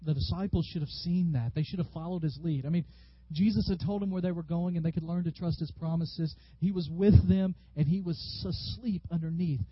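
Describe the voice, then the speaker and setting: A man from Tennessee, preaching a sermon in an animated storytelling way. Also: on the high side, brisk, few pauses, breathy edge, no echo, muffled recording. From Tennessee, USA. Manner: animated, storytelling preacher who acts out quotes loudly. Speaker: pastor.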